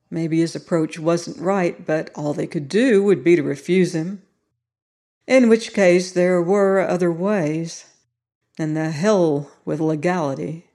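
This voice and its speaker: Measured audiobook narrator. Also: medium pitch, dark tone. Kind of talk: scripted narration of a science fiction story.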